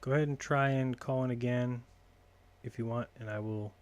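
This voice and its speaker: A man hosts a live call-in stream at a middling pitch, chatting loosely and trailing off into mutters as he fiddles with his settings. His talk is casual and unpolished. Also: steady tone, moderate pace. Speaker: livestream host taking calls.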